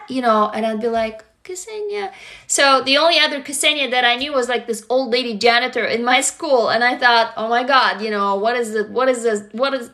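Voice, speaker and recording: With a high-pitched, sharp voice, a woman from Russia who speaks Russian natively runs a casual livestream. She addresses viewers frankly and fondly, says hello to commenters, and lets the odd swear word slip.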